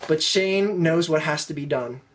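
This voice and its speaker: A woman telling a long comedic joke, animated, her voice swinging high and low. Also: measured pace, a little hiss or hum. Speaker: joke teller.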